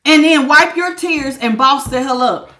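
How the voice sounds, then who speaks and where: Woman tarot reader on a live stream: high voice, blunt tough-love scolding, slangy, roomy echo. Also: a little slow, very noisy. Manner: calls listeners "baby", casual slangy talk.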